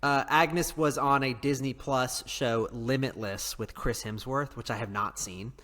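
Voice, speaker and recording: A man's voice: mid-range voice, measured pace, bright, forceful tone. Jokey podcast guy rambling along, echoey reverb on him. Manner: rambling, jokey, laughs often. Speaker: podcast co-host. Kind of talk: casual chat.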